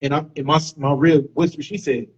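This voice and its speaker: A man's voice: a little high, steady tone, brisk, husky. A man telling a blunt, profane story in a rambling, casual way. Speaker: class member. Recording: dull lo-fi recording.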